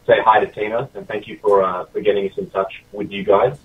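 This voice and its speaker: A man with an Australian accent, a band member calling in to a radio show, chatting in a relaxed way. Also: on the low side, fairly quick, far from the mic, narrow, tinny audio. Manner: laid-back, laughing. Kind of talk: phone-in interview chat.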